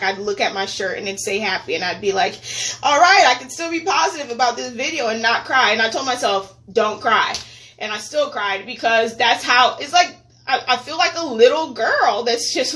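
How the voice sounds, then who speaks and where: Earnest woman with a bright, clear voice. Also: a little high, slight background noise. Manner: earnest, halting, emotional. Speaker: lifestyle vlogger. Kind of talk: personal video diary.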